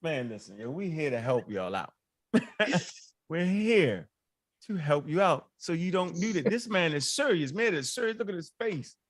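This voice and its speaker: A man with a fairly high, very lively voice reacts to a clip in disbelief. He talks loosely in slang, keeps breaking into laughter and urges his listeners to look again. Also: moderate pace, dry recording, studio quality. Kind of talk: casual reaction commentary.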